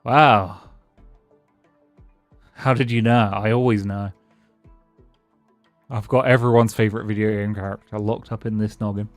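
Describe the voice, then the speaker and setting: A man's voice: fairly low pitch, flat delivery, a little slow, long pauses, no echo, faint music behind. A man streaming a game live, rambling casually and answering his chat as he plays. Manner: rambling, chatty, answers chat and thanks followers.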